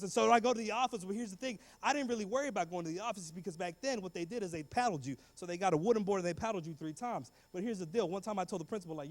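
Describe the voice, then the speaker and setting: A man's voice: high-pitched, fast. A young man giving a comedic guest talk to students, acting out scenes and slipping in Spanish words. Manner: animated, acts out every character, drops Spanish words. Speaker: guest speaker. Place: large school hall.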